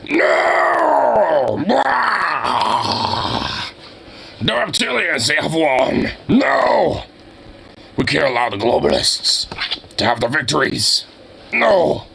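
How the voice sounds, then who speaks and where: A man putting on a frantic, shouting conspiracy broadcaster in a wailing rant. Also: on the high side, wildly swooping pitch, very slow, vocal fry, a little hiss or hum, exaggerated voice. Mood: panicked ranting.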